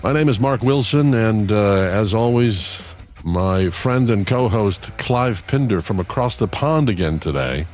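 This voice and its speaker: A man hosting a casual podcast over a video call, talking in an animated, self-deprecating way with frequent restarts. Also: on the low side, a little slow, soft background music. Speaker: podcast host. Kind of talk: casual political chat. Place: California, indoors.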